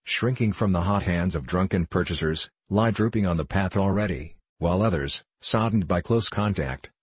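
Low husky guy reading an old novel, slow measured audiobook style, dry close mic. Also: no echo. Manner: measured, unhurried storytelling. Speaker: narrator. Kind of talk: audiobook narration of a classic novel.

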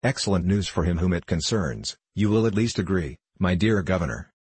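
A man voicing a courteous, quietly scheming bishop in an audiobook, speaking politely and coaxingly. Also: sits low, animated, brisk, breathy edge, no echo. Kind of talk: audiobook dialogue reading.

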